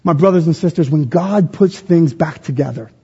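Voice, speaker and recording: High-voiced preaching man, husky. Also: moderate pace. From Philadelphia, USA. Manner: expressive preaching with a call-and-response tone. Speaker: pastor. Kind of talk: sermon. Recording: dull lo-fi sound with long hall reverb.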